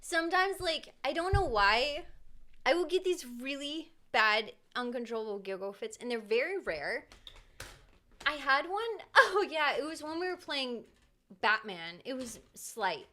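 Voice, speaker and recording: High-pitched woman streamer just chatting, lively storyteller. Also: measured pace. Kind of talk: casual chat.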